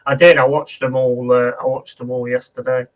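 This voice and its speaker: A man's voice: mid-range voice, level tone, a little fast. A man hosting a football watch-along, chatting casually with viewers and calling the play. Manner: chatty, laddish, reads chat aloud and answers. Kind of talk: casual match commentary and chat with viewers.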